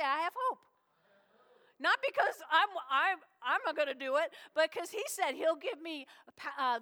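A woman pastor preaching a sermon in a lively, folksy way, slipping into little acted-out voices. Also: high-pitched, big-room sound.

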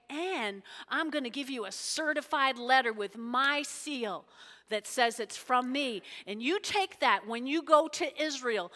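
Woman playing a commanding male king, loud and emphatic, bright and high, echoey hall. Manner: loud, emphatic, reassuring orders.

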